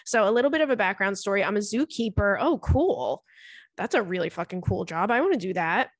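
A woman, hosting a podcast and reading listener stories aloud in an animated, swearing, laughing way. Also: mid-range voice, fairly quick, no echo, clean studio sound. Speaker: podcast host.

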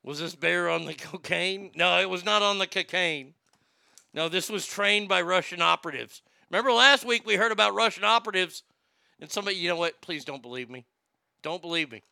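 A man hosting a live show, riffing on the news in a loud, profane, mocking rant full of stammers and jokes. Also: a little high, creaky, clear, resonant tone, no room sound, clean studio sound. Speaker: live show host reading chat.

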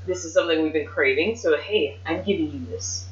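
A woman hosting a podcast, talking casually and excitedly about booking wrestling matches, swearing freely. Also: deep voice, fairly quick. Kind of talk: casual chat. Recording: muffled, echoey room.

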